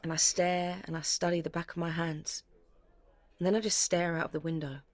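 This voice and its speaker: A woman's voice: fairly low pitch, flat delivery, a little fast, dry recording, lightly acted. An actress playing a young daughter who narrates her search into her family's past in an audio drama. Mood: earnest. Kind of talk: present-tense dramatic narration.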